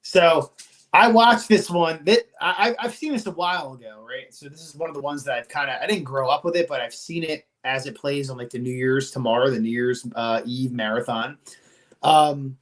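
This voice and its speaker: Profane, animated man hosting a podcast. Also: fairly high pitch. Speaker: podcast host. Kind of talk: casual chat.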